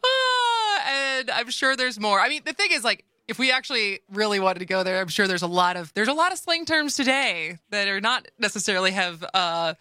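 A woman with a Wisconsin accent co-hosts a radio talk show, chatting loosely and laughing often. Her voice is bright and forward, recorded dry and close in a studio. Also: mid-range voice, sing-song, brisk, few pauses, no echo. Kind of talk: casual radio chat. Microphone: studio microphone.

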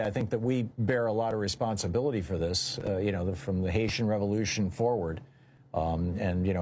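A man hosting a political talk show, giving unscripted commentary in a halting way, with many fillers and restarts. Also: lowish voice, darkish tone, a little hiss or hum. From United States.

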